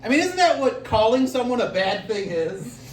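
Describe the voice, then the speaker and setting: A man from an Italian-American family rambles through stand-up comedy he admits he's making up on the spot, often laughing at his own jokes. His very high, sing-song voice moves at normal speed and sounds reverberant and far from the mic at a live comedy venue, heard from the stage amid crowd noise.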